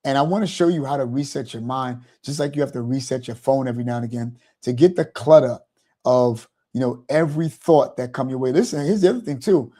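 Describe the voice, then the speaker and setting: A man's voice: medium pitch, fairly quick, mellow. A man hosting a motivational talk, rambling and repeating "you know" as he explains. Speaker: host.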